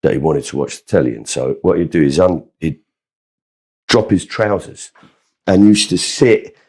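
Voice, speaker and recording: A man spins comic stories from his youth as a podcast guest. His low voice is husky and moves up and down with excitement, and he keeps breaking into laughter. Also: normal speed. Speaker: guest comedian. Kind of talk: anecdotal storytelling.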